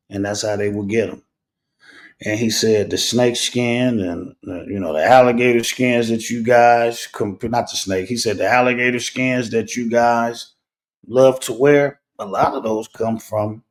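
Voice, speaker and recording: Slow, deliberate storytelling man. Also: mid-range voice. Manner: deliberate, with pauses and rhetorical "right?". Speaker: host. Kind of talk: personal storytelling monologue.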